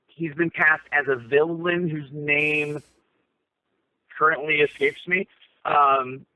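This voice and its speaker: A man's voice: fairly high pitch, no room sound. A man co-hosting a casual chat from a parked car, talking through his phone and rambling with many fillers and restarts. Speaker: co-host. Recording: tinny phone line.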